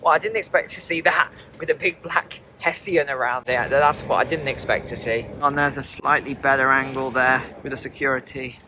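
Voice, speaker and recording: Filming a walk through snowy city streets, a male vlogger chats with his viewers as he goes. His medium-pitched voice is steady, his pace moderate with few pauses, and background noise is audible.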